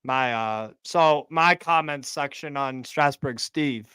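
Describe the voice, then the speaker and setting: A man with a Midwestern American Chicago accent co-hosting a live football stream, chatting in a relaxed, opinionated way. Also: medium pitch, takes it slowly, clear, resonant tone, dry recording. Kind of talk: casual live football chat.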